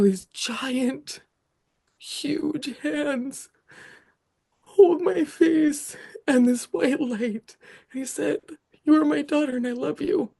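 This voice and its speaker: A woman's voice: on the low side, vocal fry. A woman guest on a podcast telling a personal story with feeling, acting out what she said back then. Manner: animated, acts out her own past lines.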